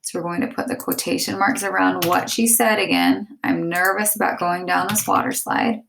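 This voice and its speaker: A woman's voice: lowish voice, steady tone, moderate pace, vocal fry, a bit bright, a little hiss or hum. A woman teacher explaining step by step and reading example sentences aloud. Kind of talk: classroom lesson.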